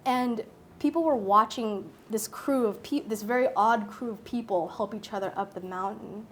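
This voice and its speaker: Lively woman telling a story at a talk. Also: fairly high pitch, moderate pace, a little hiss or hum. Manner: animated storyteller who acts out her own thoughts and laughs often. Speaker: speaker at a public talk.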